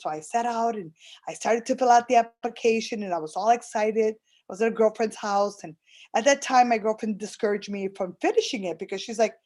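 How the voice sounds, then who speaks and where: A woman's voice: mid-range voice, fast talker, a little mellow. A woman, an early intervention interpreter, giving a personal testimonial and telling her story earnestly while acting out past conversations.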